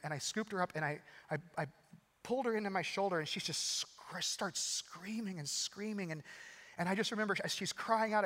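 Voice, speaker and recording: Middle-aged male pastor, earnest storyteller, slightly high voice, big hall reverb. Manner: earnest storytelling, swings from urgent to hushed. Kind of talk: sermon with personal story.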